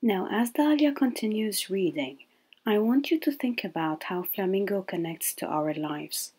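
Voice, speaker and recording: A woman hosting a read-aloud, calmly asking listeners reflective questions. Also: mid-range voice, normal speed, breathy edge. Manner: calm, asks reflective questions. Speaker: parent reading host.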